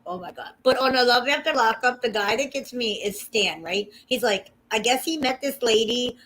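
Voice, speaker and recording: Brief: woman, slightly high voice, excitable gossip host, casual and profane. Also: moderate pace. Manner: gossipy, excitable, swears freely, addresses viewers. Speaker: livestream host. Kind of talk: casual chat.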